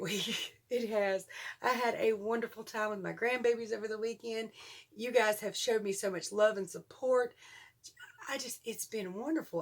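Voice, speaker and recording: A woman in her forties with a Southern US accent, chatting excitedly to her vlog viewers and laughing often. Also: medium pitch. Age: 40s. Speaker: vlogger. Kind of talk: casual chat to camera.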